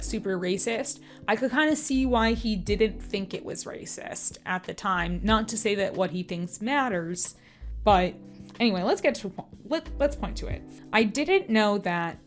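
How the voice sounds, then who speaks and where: A woman chats her way through a book review in a loose, rambling style, padding her sentences with fillers as she goes. Her voice sits at an ordinary mid pitch, and faint music plays softly behind her. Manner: rambling, filler-heavy, chatty. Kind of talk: casual book review vlog.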